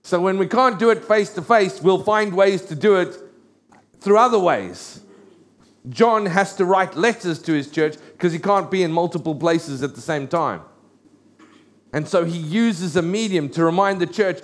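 Man, high-pitched, pastor, sermon, earnest, repetitive emphasis. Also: animated, unhurried. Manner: earnest, repeats key phrases for emphasis.

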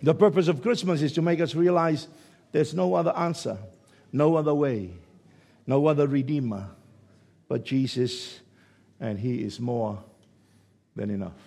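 A man delivers a sermon with a husky, gravelly voice sitting a bit above the usual male range. His delivery swings from hushed, stretched-out lines to sudden loud shouts. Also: on the high side, a little slow, pauses often. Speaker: preacher.

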